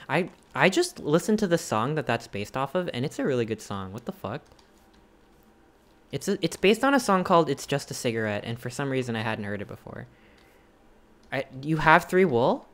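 A streamer chatting with viewers while playing a game live, thinking aloud in hesitant questions and gasping in excitement at each new find. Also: mid-range voice, normal speed. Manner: excitable, gasping and exclaiming at discoveries.

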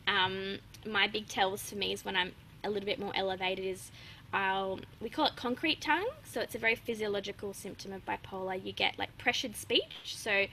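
Chatty woman with a bright voice. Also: mid-range voice, fairly quick, a little hiss or hum, low-quality recording. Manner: open, chatty, laughs often, many fillers. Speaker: guest. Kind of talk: casual interview chat.

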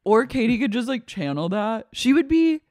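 A woman's voice: on the high side, big pitch swings, moderate pace, a little mellow, dry recording. Playful woman podcast co-host, dry sound. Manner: playful, acts out dramatic voices, many "like"s. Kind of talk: casual pop-culture recap chat.

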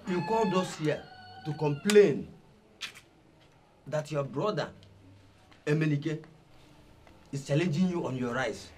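An actor playing a village elder who calmly pleads for peace at a family meeting. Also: male voice, a little high, unhurried, pauses often, slight background noise. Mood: placating. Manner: soothing, pleading.

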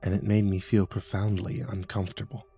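A man reading a horror story aloud in a measured, ominous way. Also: low-pitched, level tone, warm tone, slightly rough, faint music behind. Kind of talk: scripted horror narration.

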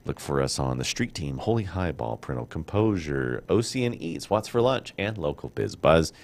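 A middle-aged man hosting a casual studio chat, joking and rambling in an animated way. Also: very deep voice, normal speed, creaky. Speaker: show host.

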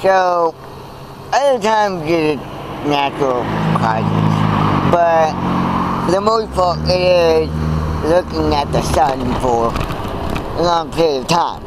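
A man's voice: a little high, lively intonation, slow, roomy sound, heavy background noise. A young man talking casually to his vlog audience, rambling and poking fun at himself. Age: young adult. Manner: rambling, self-mocking, laughs at himself. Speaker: vlogger.

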